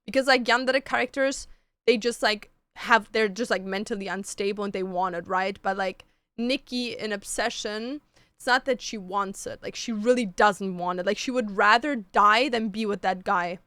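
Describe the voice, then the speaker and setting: A woman's voice: medium pitch, normal speed, bright, forceful tone, clean tone, no room sound. A woman streamer chatting casually with her chat, gushing about books and shows and swearing freely. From Canada.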